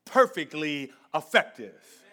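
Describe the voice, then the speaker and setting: A male pastor preaching a sermon in a church. His delivery is conversational and swings between loud emphasis and hushed intensity. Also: fairly high pitch, very animated, takes it slowly.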